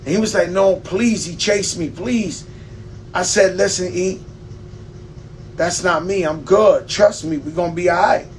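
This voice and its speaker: High-voiced man telling stories casually. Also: a little hiss or hum. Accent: New York. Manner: loose storytelling with profanity and laughs. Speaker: host. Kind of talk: casual live-stream talk.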